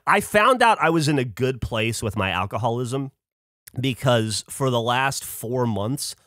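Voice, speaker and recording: A man talking on a podcast in an animated, story-telling way. His pitch swings widely as he speaks, and he swears often. The sound is dry and close on a studio mic. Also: a little slow, dry recording. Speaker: podcast co-host. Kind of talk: casual podcast chat.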